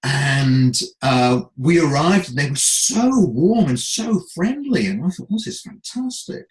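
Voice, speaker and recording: A middle-aged man tells stories in an animated, self-deprecating way. His voice sits at a middle pitch and carries a roomy echo. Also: takes it slowly. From England. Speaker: guest, comedy writer and speaker. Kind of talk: anecdotal storytelling.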